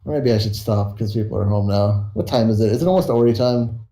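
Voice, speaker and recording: A man's voice: fairly low pitch, quick pace, warm tone. Tired, rambling young man in an echoey room. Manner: tired, rambling, swears a lot. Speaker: YouTuber streaming to viewers. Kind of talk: rambling casual chat. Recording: roomy echo.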